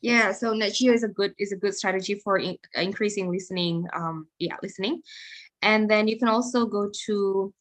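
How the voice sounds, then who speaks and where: A young woman with an Indonesian accent, a guest speaker answering questions in an online webinar, chatty and quick with many fillers. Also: mid-range voice. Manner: chatty, quick, with fillers and soft trailing asides. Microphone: video call.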